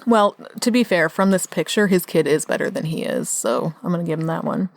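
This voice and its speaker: A young woman chats as a podcast co-host, sarcastic and quick to swear. Her voice sits on the low side. The sound is dry and close. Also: vocal fry, dry recording. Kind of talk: casual chat.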